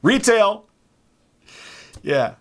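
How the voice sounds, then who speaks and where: A man in his thirties casually telling a work story in an animated, exasperated way. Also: sits high, extremely slow. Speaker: YouTuber.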